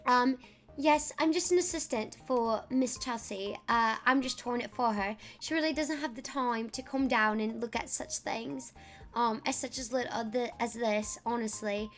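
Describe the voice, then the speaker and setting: A woman's voice: on the high side, moderate pace, soft background music, lightly acted. A woman voicing a haughty, fussy female personal assistant in an affected posh manner.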